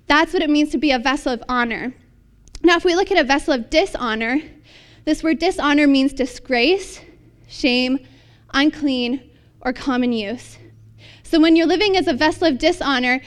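A young woman pastor preaching a sermon in an upbeat, chatty way with lots of casual fillers. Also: high voice. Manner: bubbly, upbeat, chatty with many "like"s.

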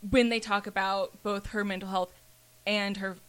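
A young woman leads a loose, animated podcast conversation, full of fillers and offhand swearing. Her voice sits at a middle pitch for a woman. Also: moderate pace, smooth. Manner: chatty, animated, swears casually. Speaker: podcast host. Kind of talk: casual chat.

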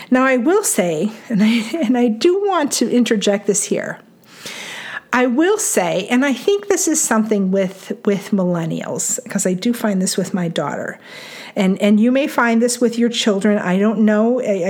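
A middle-aged woman giving parenting advice in a calm, chatty way, repeating points for emphasis. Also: mid-range voice. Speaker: parenting coach. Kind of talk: solo advice talk.

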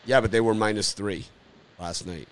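A man's voice: lowish voice, steady tone, normal speed, fairly bright tone, smooth. A man hosting a casual sports betting chat, joking and laughing often. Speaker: host of a sports betting show.

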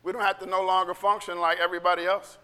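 A male pastor preaching a sermon in an animated, conversational way that swings into shouting. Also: high-pitched, quick pace, clear, resonant tone, in a large hall.

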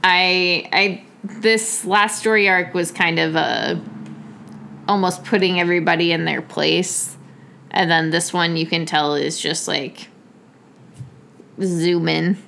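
A woman's voice: fairly low pitch, fairly even intonation, slow, creaky, pauses often, sharp tone, a little hiss or hum. A young woman co-hosting a comics podcast, chatting casually and enthusiastically, swearing freely. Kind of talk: casual chat.

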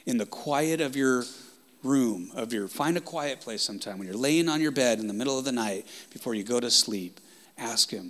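A man preaching a sermon with passion, swinging from loud outbursts down to hushed whispers. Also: mid-range voice, expressive, moderate pace.

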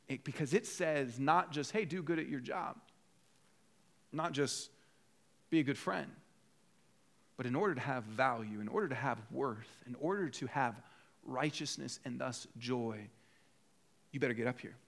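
A man's voice: medium pitch, fairly bright tone. A man preaching a conversational sermon as pastor, rising to emphatic bursts when voicing people's inner thoughts. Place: church.

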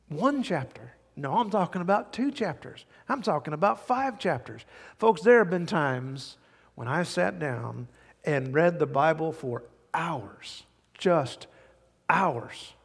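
A middle-aged male pastor preaching a sermon, telling stories with big swings from hushed to loud. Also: on the high side, gravelly, husky. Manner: animated storytelling, swings from quiet to loud. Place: large church hall. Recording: hall reverb.

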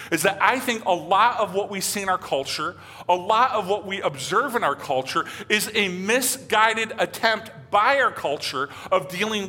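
A male pastor preaches in a loose, conversational way, trailing off into fillers as he goes. His voice sits a little high and rings bright. A long church-hall echo hangs behind every phrase. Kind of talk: sermon.

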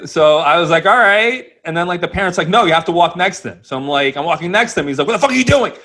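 A man's voice: a little high, fast talker, bright, forceful tone. A man co-hosting a casual podcast, telling a rambling, self-mocking story and chuckling as he goes. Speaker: podcast co-host.

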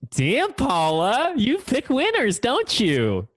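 A man's voice: very high-pitched, wildly swooping pitch, slow, fairly bright tone, no room sound. A man hosting a casual group chat, rambling with many fillers and teasing his guests.

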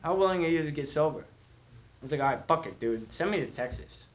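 Boston guy telling his recovery story, swears a lot, says dude constantly, kinda high voice, muffled lo-fi audio. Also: expressive, a little fast. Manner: rambling, profane, fillers of "dude" and "like". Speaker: speaker sharing recovery story. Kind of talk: storytelling to a live audience.

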